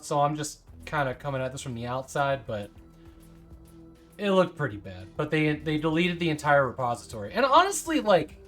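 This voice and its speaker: A man's voice: on the high side, a bit bright. A man hosting a casual news stream, talking in a rambling, chatty way. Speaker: stream host.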